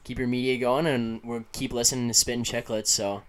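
A man's voice: medium pitch, flat delivery, a little hiss or hum. A man co-hosting a podcast, wrapping up casually with lots of fillers. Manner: friendly, filler-heavy, hurried wrap-up. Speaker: podcast co-host.

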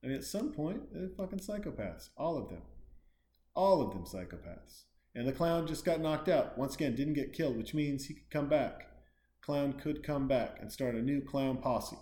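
A comedian making profane, sarcastic commentary while watching a horror film, muttering low and then breaking into loud outbursts. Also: male voice, expressive, moderate pace, roomy sound.

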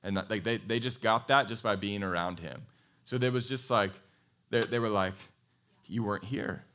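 Animated man preaching a sermon. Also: on the low side, moderate pace. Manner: animated storytelling, acts out quoted voices; conversational, asks the congregation questions. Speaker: pastor.

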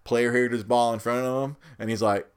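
A man's voice: medium pitch, steady tone, normal speed, clean tone. A man in his thirties, a new father, talking casually and rambling, repeating words as he goes and often laughing at himself. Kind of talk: casual chat.

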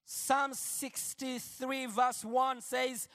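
A male preacher giving an impassioned sermon, shifting between quiet lines and shouted declarations. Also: very high-pitched, animated, a little slow, in a large hall.

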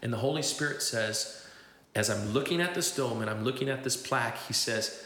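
This testimony sermon comes from a man with a medium-pitched, bright, forceful voice, speaking a little fast. As he tells his story, he acts out the voices of those he quotes, and the hall echoes around him.

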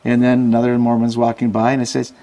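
A man guest in a casual interview, telling animated stories and acting out the people he quotes. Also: mid-range voice, quick pace. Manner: animated anecdotes, acts out quoted voices. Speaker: guest, Christian outreach worker. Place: Salt Lake City.

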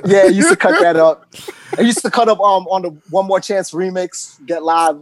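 A man who is a DJ guest, talking in a relaxed way with frequent ums and laughs. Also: high voice, moderate pace, no echo. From New York. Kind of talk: casual chat.

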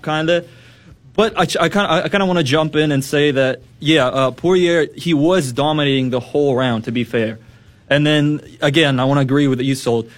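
Rambling higher-voiced man. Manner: rambling, halting, many restarts. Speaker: panelist. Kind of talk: casual sports chat.

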